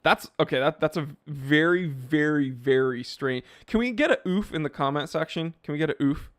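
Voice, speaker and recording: A man's voice: fairly high pitch, lively intonation, moderate pace, no echo, studio quality. Sarcastic man ranting at his chat. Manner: sarcastic, mock-angry ranting; talks to chat, many fillers. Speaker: watch YouTuber host. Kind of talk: live-stream reaction commentary.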